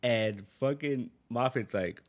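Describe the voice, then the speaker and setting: A man's voice: mid-range voice, slow pace. A man co-hosting a podcast, telling a profane, rambling story in casual chat and laughing often. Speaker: podcast co-host.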